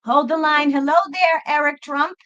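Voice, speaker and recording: A woman talks casually to livestream viewers about her tarot readings, calling them folks and reassuring them. Her voice is high and bright. The lo-fi stream audio sounds a little dull. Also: steady tone, normal speed. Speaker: tarot reader and livestream host.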